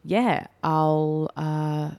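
Low-voiced young woman chatting playfully. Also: fairly even intonation, very slow, darkish tone, dry recording. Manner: playful, slips into mock accents. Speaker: podcast guest, actress. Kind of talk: casual chat.

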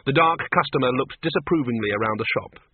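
A man reads an audiobook with a wry, expressive touch. His husky voice moves through a lively pitch range, recorded dry and thin, like a phone line. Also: fast talker, dry recording. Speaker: narrator. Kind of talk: audiobook narration.

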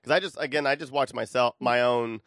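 A man's voice: medium pitch, a little fast, fairly bright tone, no echo, studio quality. A man hosting a casual group chat, joking and laughing often.

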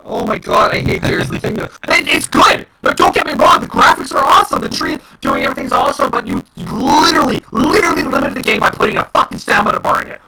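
A man's voice: very high voice, quick pace, few pauses, noisy background. A man co-hosting a casual gaming podcast, ranting heatedly and swearing a lot. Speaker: podcast co-host.

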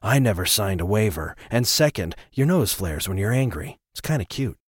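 A man playing a steady, commanding soldier. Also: moderate pace, breathy edge, no room sound, studio quality. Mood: firm. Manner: low, calm and firm.

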